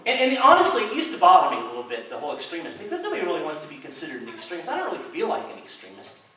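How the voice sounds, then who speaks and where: Animated man speaking in an echoey hall. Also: a little high, very fast. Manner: animated, storytelling. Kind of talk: public talk to a crowd. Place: chamber of commerce hall. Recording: echoey hall, distant mic, faint noise.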